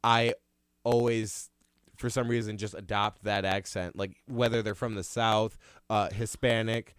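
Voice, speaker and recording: A man's voice: on the low side, fairly even intonation, measured pace, a bit bright, clear, resonant tone, no room sound, clean studio sound. Chatty man hosting a casual podcast. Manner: chatty, laughs along, asks questions. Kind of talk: casual chat.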